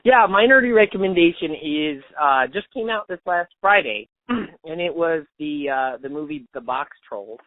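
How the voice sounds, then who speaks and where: A relaxed man co-hosting a casual podcast, his voice a touch high. He talks in an easygoing way with frequent laughs. The audio is narrow and phone-like, and the room is dry. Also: normal speed, few pauses, no echo. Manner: easygoing, laughs often, many fillers. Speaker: podcast co-host, high school teacher. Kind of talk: casual chat. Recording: tinny phone-like sound, dry.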